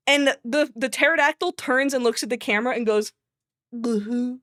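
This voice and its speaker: A woman's voice: a little high, a bit bright, no echo. Woman streamer, casual rambling chat, frequent laughs, profane, dry close sound. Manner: rambling, laughs often, swears freely.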